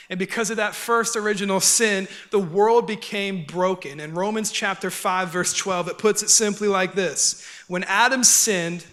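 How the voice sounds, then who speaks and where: A young man preaches in a church, his voice sitting high and ringing bright. He talks earnestly and conversationally, often dropping to soft, close tones. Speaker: pastor. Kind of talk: sermon. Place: church auditorium.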